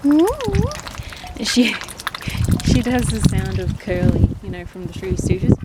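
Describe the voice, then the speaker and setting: Giggly woman with loud ducks behind. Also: mid-range voice, sing-song, slow pace. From Australia. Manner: chatty, giggly, rambling with frequent fillers. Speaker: vlogger. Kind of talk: casual vlog talking to her ducks. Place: outdoors with her ducks. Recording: noisy outdoor recording with ducks. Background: loud duck quacking.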